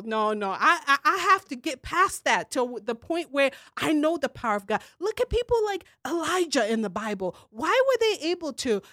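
Earnest, preacherly woman with a higher voice. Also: fairly bright tone, no echo, studio quality. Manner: earnest, preacherly, acts out quoted prayers. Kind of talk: casual faith discussion.

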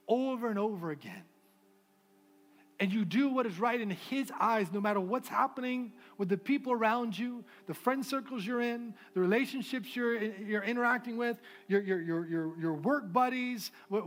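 A man preaching a sermon as pastor of a church, moving from fervent declarations to a softer, prayerful tone. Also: high voice. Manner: impassioned preaching, shifting to soft prayerful tones. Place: church sanctuary.

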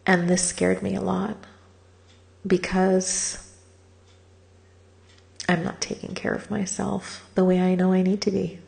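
A woman's voice: fairly low pitch, monotone, slow, creaky, pauses often, a little mellow. A middle-aged woman telling a personal story in a raw confessional monologue, candid and swearing freely, worn out from crying, at times dropping to a whisper. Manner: candid, swears freely, laughs through pain. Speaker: vlogger sharing a personal story.

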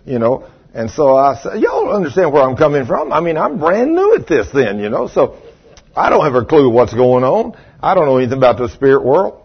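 A man's voice: medium pitch, wildly swooping pitch, brisk, husky. An older man preaching a sermon, telling a folksy story and acting out what people said. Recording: dull lo-fi sermon recording.

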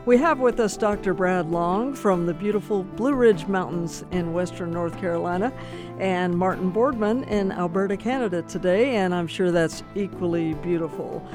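A man's voice: high-pitched, moderate pace, music in the background. A man hosting a radio interview show, introducing guests in a friendly, playful manner.

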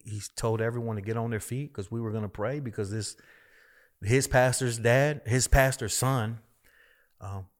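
A man, a minister, telling his personal testimony as a guest in a conversation, emphatic and repetitive as he tells the story. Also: on the low side.

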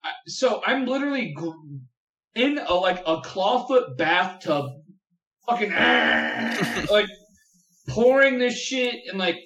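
A young man with a high, bright voice tells a profane, rambling story as a podcast guest. He talks in animated bursts, packed with fillers. The sound is roomy and echoey. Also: slow. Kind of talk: casual storytelling chat.

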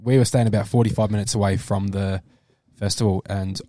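A young Australian man with a lowish voice, telling rambling stories in loose slang. His sound is dry and close. The feel is casual chat between mates. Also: fairly even intonation, brisk, warm tone, no room sound. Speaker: podcast co-host.

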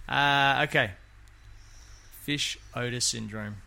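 A man co-hosts a relaxed chat, talking in a jokey, rambling way. His voice is gravelly with a bright, forward edge. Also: mid-range voice, moderate pace. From Australia. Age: 50s. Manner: jokey, rambling, laughs often. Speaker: podcast co-host. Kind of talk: casual chat.

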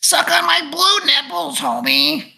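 A cartoon housewife, pitched high and grinding with heavy fry. The voice is bright and edged, dragged out slowly in a crude, shouted impression. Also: male voice, exaggerated voice. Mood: crude shrill. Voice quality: gravelly, high and strained.

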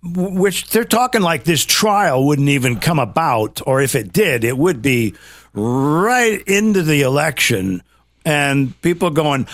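A man co-hosting a casual political talk show, sitting a little high in his register. He mocks as he goes, swinging his pitch widely and slipping into other people's voices. The recording is close and dry, with no room sound. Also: unhurried, no room sound. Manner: animated, mocking, acts out quoted voices.

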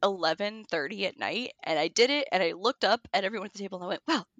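Woman, podcast co-host, casual chat, animated storytelling, frequent swearing and laughter, dry close sound. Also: medium pitch, fast talker, no room sound, highs cut off.

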